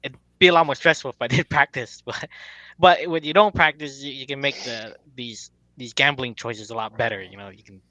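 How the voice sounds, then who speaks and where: A man chatting in a relaxed way about his tournament win, with many fillers. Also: medium pitch, brisk, no room sound, low-quality recording. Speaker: tournament winner interviewee. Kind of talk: casual chat.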